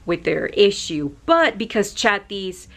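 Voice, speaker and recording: A woman's voice: mid-range voice, very animated, slow pace, a bit bright. A young adult woman vlogging, talking to camera in an emotional, grateful way, rambling with many fillers. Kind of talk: casual talk to camera.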